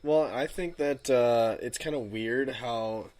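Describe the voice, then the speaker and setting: A man's voice: medium pitch, slow, darkish tone. Laid-back young man telling rambling stories. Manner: laid-back, laughs often, rambling anecdotes. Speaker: podcast co-host. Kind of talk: casual podcast banter.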